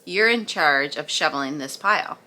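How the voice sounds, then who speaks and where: A woman's voice: low voice, lively intonation, normal speed, pushed and bright, voice pushed down. A woman voicing a bossy male construction foreman with a curt, commanding delivery.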